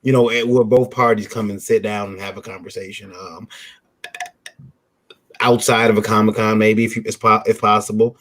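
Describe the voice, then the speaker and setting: A man co-hosting a casual chat, talking in a measured, hesitant way with many pauses and restarts. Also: lowish voice, fairly even intonation, fairly bright tone. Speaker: podcast co-host.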